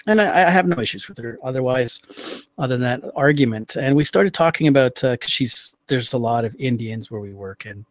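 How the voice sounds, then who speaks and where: A man on a livestream show casually recounting a personal story in a measured, halting way with frequent restarts. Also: mid-range voice, animated, no room sound. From Canada. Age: under 60.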